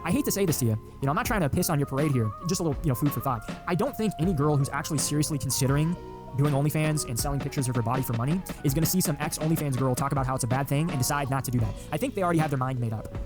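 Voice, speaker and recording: A man's voice: a little high, very fast, over music. A man delivering an angry, profane political rant, mocking the people he quotes. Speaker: online commentator.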